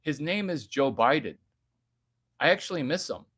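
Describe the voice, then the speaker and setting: A man's voice: on the high side, lively intonation, moderate pace, a bit bright, husky, no echo, clean studio sound. A man hosting a livestream, reading chat aloud and riffing on it in a provocative, mocking way. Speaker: livestream host.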